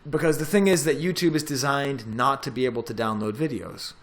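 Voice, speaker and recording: A middle-aged man, a professor, walking through a software tutorial in a casual, chatty way as he clicks through the steps. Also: medium pitch, fairly even intonation, fairly quick. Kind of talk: screen-recorded tech tutorial.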